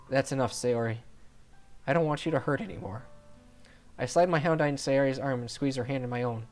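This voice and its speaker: A streamer reading a visual novel aloud, narrating the story and speaking the lead's lines in an earnest, steady voice. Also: medium pitch, a little fast, soft background music.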